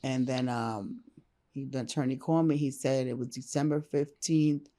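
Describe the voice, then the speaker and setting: A middle-aged woman from Brooklyn, a guest telling her own story in a candid, animated, slangy way, acting out what others said. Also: a bass voice, normal speed. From Brooklyn, New York. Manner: animated, acts out others' lines, slangy and informal.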